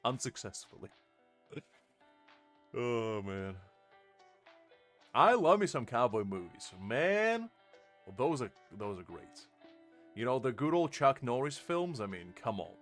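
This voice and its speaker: A man's voice: medium pitch, very animated, slow, pauses often, a bit bright, faint music behind. A man chatting casually on a live game stream, rambling and laughing at himself. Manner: rambling, self-mocking, laughs often.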